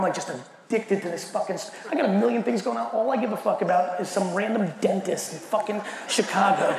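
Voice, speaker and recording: A man giving a keynote talk, telling a story in an animated, profane way and acting out the quoted dialogue. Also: sits high, creaky. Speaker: keynote speaker. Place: large event hall. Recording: echoey hall with faint noise.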